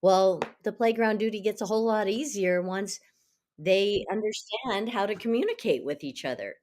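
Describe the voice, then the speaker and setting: A woman guest speaking as a Montessori educator, earnest and animated, explaining with lively asides. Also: mid-range voice, normal speed. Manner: earnest, animated, acts out children's voices. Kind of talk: conversational interview answers.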